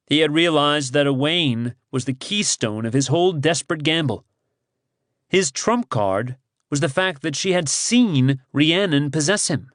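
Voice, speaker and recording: A man narrating an audiobook in measured, dramatic storytelling on a close studio mic. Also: on the high side, animated, a bit bright, no echo. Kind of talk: scripted narration.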